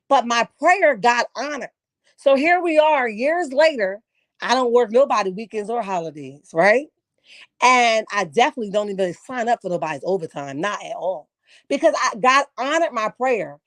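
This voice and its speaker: A woman's voice: fairly high pitch, animated, normal speed, a bit bright, no room sound. Blunt opinionated woman with dry close sound. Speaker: reality TV commentator. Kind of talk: casual commentary vlog.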